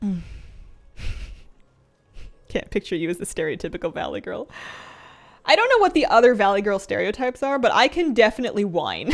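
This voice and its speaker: A young woman streamer talks casually while she plays, rambling from one thought to the next. She laughs easily and often drops into soft, half-mumbled asides. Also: mid-range voice, very animated, quick pace. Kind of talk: casual chat while gaming.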